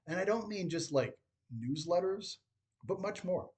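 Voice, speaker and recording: A man in his forties, a teacher, giving scripted commentary to camera in a dry, wry way with deliberate pauses. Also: high-pitched, expressive, a little mellow.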